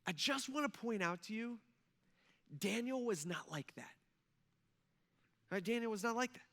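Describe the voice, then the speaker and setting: A male pastor preaching a conversational sermon in a church, animated and checking in with the congregation with "okay?" and "right?". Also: high voice. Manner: animated, acts out quoted voices, frequent "okay?" and "right?". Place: church sanctuary.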